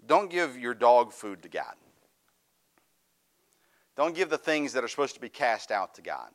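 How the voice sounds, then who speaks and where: Male pastor, sermon, reads scripture, fervent raised preaching, mid pitch. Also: big pitch swings, unhurried, a bit bright.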